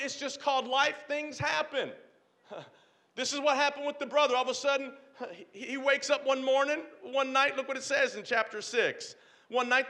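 A man pastor preaching a sermon with call-and-response, swinging from shouted lines to hushed ones. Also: very high voice.

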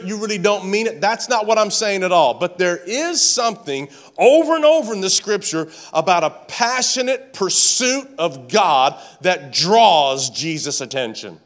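A man preaching a sermon, passionate and repetitive, building to shouts. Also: sits high. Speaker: pastor.

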